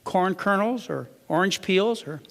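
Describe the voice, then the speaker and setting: A man's voice: high-pitched, lively intonation, unhurried, gravelly, a bit bright, long reverb tail. A man giving a conversational lecture to a live audience, often asking them rhetorical questions.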